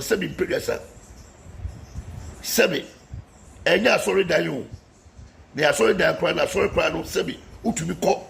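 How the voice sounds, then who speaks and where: A man's voice: fairly high pitch, gravelly, slight background noise. A man delivering a heated political rant, combative and scolding, repeating warnings at his critics. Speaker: political commentator.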